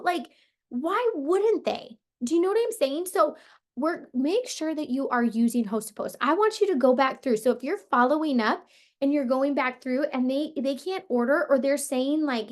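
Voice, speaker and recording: A woman with a hoarse, partly lost voice, coaching her sales team on a motivational call in a casual, upbeat way, full of "like" and "you guys". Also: high voice, lively intonation, moderate pace. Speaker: team leader coaching sellers.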